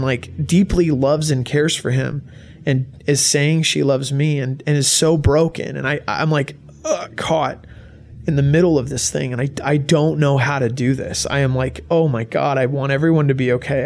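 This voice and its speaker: Man, young adult, gravelly, even-toned, halting, emotional personal story. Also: medium pitch, a little hiss or hum. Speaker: guest speaker. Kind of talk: personal testimony to a live audience.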